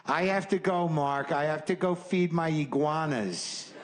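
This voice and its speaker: A woman's voice: deep voice, measured pace. A man voicing his elderly mother, who sounds blunt and matter-of-fact. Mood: abrupt.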